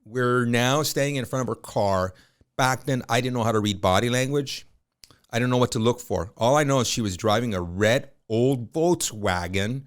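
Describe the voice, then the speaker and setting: Lively storytelling man in his fifties. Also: mid-range voice, moderate pace, clear, resonant tone. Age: 50s. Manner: lively anecdotal storyteller, colloquial, with frequent fillers. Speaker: podcast guest, realtor. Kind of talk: storytelling in a podcast interview.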